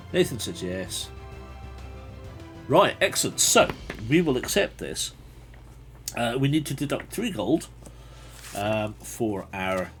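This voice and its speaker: A man hosting a livestream as game master, reading a gamebook aloud and chatting with viewers, laughing often and thinking aloud. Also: fairly low pitch. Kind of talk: reading a gamebook live with chat.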